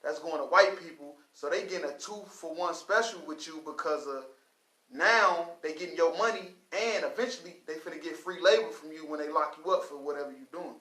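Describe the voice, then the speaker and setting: A man speaks in casual slang, halting at first and then building his argument through repetition. His voice sits a little high. The room gives the sound an echo. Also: sharp tone.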